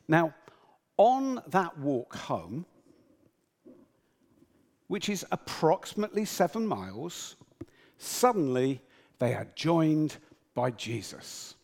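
A British man preaching a sermon, telling a story with lively expression and acting out the characters' words. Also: on the high side, slow pace, creaky, long pauses, big-room sound. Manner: storytelling, animated, acts out quotes.

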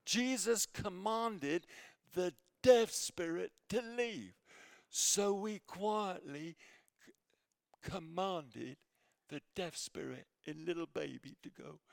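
A man preaching a sermon with a personal story, halting with many fillers and restarts, sometimes dropping to near a whisper. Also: sits high, gravelly, no echo, studio quality. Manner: drops to near whisper in quiet moments.

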